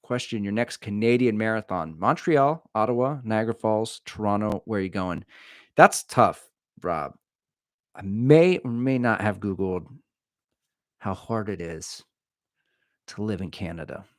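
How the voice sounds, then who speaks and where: Low-voiced man chatting on a livestream. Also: lively intonation, unhurried, dry recording, studio quality. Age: middle-aged. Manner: rambling, jokey, reads viewer comments aloud. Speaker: livestream host answering chat. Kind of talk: casual live-stream chat.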